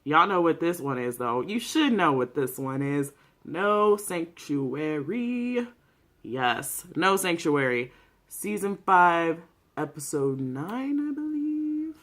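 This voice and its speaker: Excitable, profane young vlogger. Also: mid-range voice, takes it slowly. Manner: excitable, profane, slangy, filler-heavy. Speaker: YouTuber reviewing a TV series. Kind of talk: casual vlog commentary.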